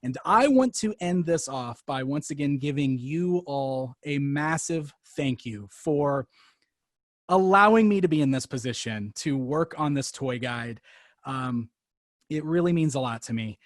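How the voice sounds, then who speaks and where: A man's voice: medium pitch, expressive, unhurried, dry recording, clean studio sound. A man closing an online fan panel as moderator. He talks in an earnest, grateful way, with frequent fillers. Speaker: panel moderator and book author.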